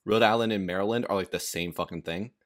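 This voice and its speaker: A man's voice: deep voice, fast talker. A man hosting a casual podcast chat, rambling along with frequent laughs and fillers. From United States. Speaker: podcast host.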